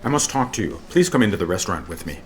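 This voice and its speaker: A man's voice: deep voice, big pitch swings, rapid-fire, background noise. A man playing a formal police officer in a documentary reenactment, delivering an official order. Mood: stern. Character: stern male police officer delivering a ban. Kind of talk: reenactment acting.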